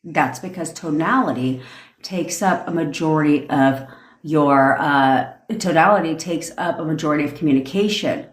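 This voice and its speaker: A woman with a low voice gives a blunt, profane rant about manifestation, talking in a loose conversational way. She acts out different tones of voice in her examples, and the sound carries an echo from the room. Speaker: manifestation coach. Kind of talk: livestream rant.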